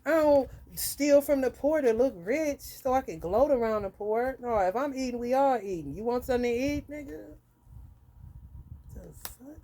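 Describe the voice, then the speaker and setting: A woman with a mellow, dark voice hosting a live tarot stream. She talks bluntly and profanely and keeps calling people honey. She jumps from loud, high outbursts down to low, muttered asides. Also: lively intonation, moderate pace, hardly any pauses. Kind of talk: unscripted live-stream monologue.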